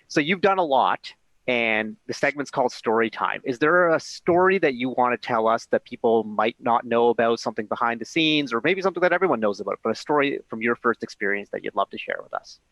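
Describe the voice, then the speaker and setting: A man's voice: medium pitch, expressive, a little fast, a bit bright, no room sound, poor audio. A man hosting a casual chat, enthusiastic and laid-back, jumping in with his own stories. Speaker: host.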